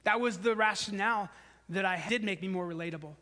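Pastor, male, higher-pitched voice, conversational sermon delivery with lifts for emphasis and soft low drops, long hall reverb. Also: fast talker. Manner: conversational preaching, rising for emphasis then dropping low and soft.

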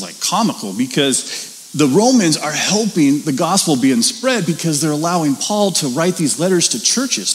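A man teaching a Bible study in a conversational, animated way, reading scripture and asking rhetorical questions. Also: on the high side. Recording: reverberant room with faint hiss.

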